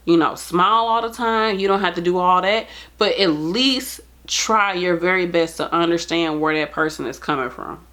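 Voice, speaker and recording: Nurse, woman, lowish voice; earnest pleading talk to the camera. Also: fairly bright tone. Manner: earnest, pleading, casual everyday speech. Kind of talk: heartfelt direct-to-camera talk.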